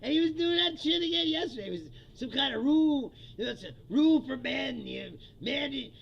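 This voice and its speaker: High gravelly man ranting crudely. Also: animated, fairly quick, lo-fi sound. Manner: crude, mocking, often laughing at his own jokes. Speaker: comedian. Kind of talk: profane comedic political rant.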